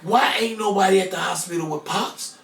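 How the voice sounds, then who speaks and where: A man on a podcast telling a personal story in a casual, profane way, going from loud to hushed. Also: high voice, fairly quick, vocal fry. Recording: echoey room, mic far off, faint noise.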